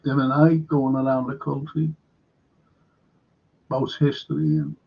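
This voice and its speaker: Host: gravelly, husky Liverpool man, rambling opinion talk, dull lo-fi sound, fairly high voice. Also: a little slow. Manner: rambling, opinionated, animated when quoting others. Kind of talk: casual opinion monologue.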